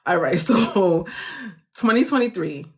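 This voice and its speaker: A woman's voice: medium pitch, animated, unhurried, breathy edge. A woman hosting a live chat about grant funding, talking casually and reassuringly to viewers, often laughing and restarting her sentences.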